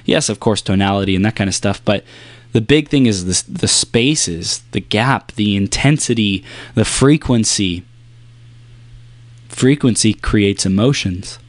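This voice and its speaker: A man's voice: lowish voice, dry recording. Man giving a motivational talk, dry sound. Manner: deliberate pauses, shifts pace and softness to demonstrate.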